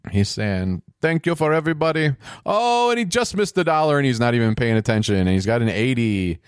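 A man's voice: medium pitch, lively intonation, fairly quick, smooth, dry recording, clean studio sound. A man giving casual, joking play-by-play commentary while watching a game show, with sarcastic asides.

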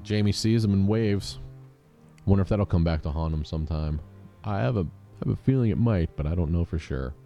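A man's voice: low voice, a little fast, dark tone, muffled recording, soft background music. A man casually recapping television episodes, rambling and joking, often restarting his sentences. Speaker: show host recapping episodes. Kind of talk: casual recap with mock quoted voices.

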